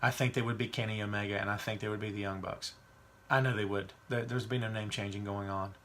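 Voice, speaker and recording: A man's voice: fairly low pitch, steady tone, quick pace, a bit bright, slight background noise. A man hosting a wrestling podcast, talking casually and giving strong opinions while reading viewer questions. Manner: chatty, opinionated, reads live chat questions. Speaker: podcast host.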